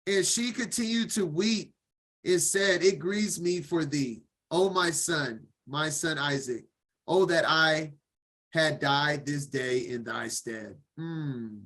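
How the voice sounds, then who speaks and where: A man's voice: a little high, takes it slowly, fairly bright tone. A man teaching scripture, reading a passage line by line and stopping to add his own informal comments. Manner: reads aloud, then breaks off to comment casually.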